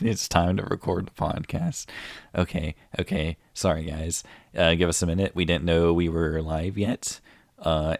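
A young man co-hosting a comedy podcast, his voice sitting low with a gravelly, fry-laced texture. He rambles through joking mock bickering, full of fillers and restarts. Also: dry recording. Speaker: podcast co-host. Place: indoor room, hosts facing each other.

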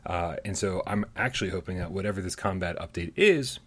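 A man's voice: deep voice, fairly quick, a bit bright, husky. A man co-hosting a casual gaming news show, joking, laughing often and talking loosely with many fillers. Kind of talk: casual chat.

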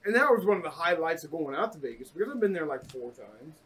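A man co-hosts a relaxed podcast and rambles through his stories with fillers and casual swearing. His voice is high for a man. It sounds set back from the microphone, a little distant. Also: fast, husky. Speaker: podcast co-host. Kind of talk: casual chat.

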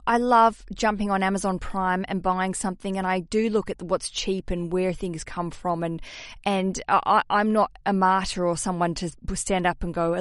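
Young adult woman, podcast host; lively, chatty delivery, dry booth sound. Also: mid-range voice, dry recording. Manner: chatty, animated, self-deprecating asides. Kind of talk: casual podcast talk.

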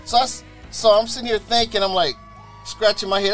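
A man's voice: sits high, a little fast, faint music behind. A man casually telling a personal testimony, acting out other people's voices and often repeating or restarting words. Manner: animated, acts out others' voices in quoted dialogue. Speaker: storyteller sharing a personal testimony.

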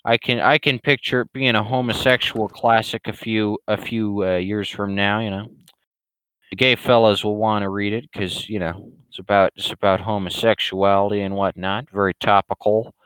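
A man hosting a casual livestream Q&A, rambling along in a deadpan, sarcastic way. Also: lowish voice, normal speed, clean tone, no echo, low-quality recording. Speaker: webcomic creator hosting a Q&A stream.

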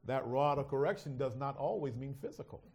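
A male pastor preaching a sermon, swinging from hushed asides to loud shouts and teasing his congregation. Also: mid-range voice, expressive, a little fast, breathy edge.

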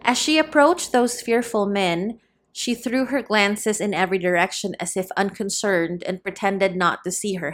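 A woman narrates a novel at a steady, measured pace, with a middle-pitched voice. Her delivery is calm scripted storytelling. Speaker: audiobook narrator.

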